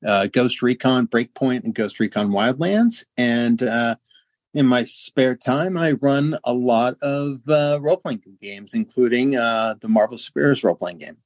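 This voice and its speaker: A man introducing himself as game master of a tabletop game over a video call, relaxed and full of fillers. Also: mid-range voice, a little slow, dry recording. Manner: relaxed, hesitant with many fillers.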